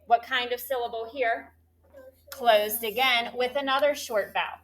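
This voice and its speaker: A woman teaching a third grade class in a classroom, leading call-and-response phonics drills with animated, coaxing questions. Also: on the high side, moderate pace, slight background noise.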